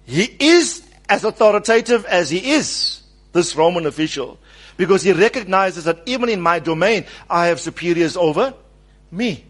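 A man preaches a sermon with a somewhat high voice that swings widely. He leans hard on key words and calls on the congregation to say words back to him. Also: expressive, normal speed, a bit bright. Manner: stresses words and acts out quoted speech.

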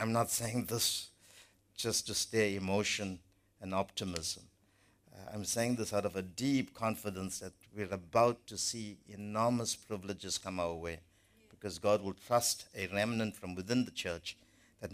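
A man's voice: deep voice, fairly bright tone. A man preaching a sermon to his congregation, earnest and emphatic, often repeating words as he builds a point.

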